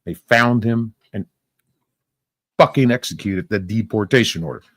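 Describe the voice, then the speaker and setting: A man's voice: lowish voice, moderate pace, no echo. A man hosting a casual opinion chat, blunt, profane and combative. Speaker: podcast host.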